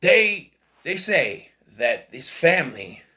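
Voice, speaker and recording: A man's voice: fairly high pitch, big pitch swings, slow pace, bright, forceful tone. A man casually reviewing movies, rambling and hesitant, often correcting himself.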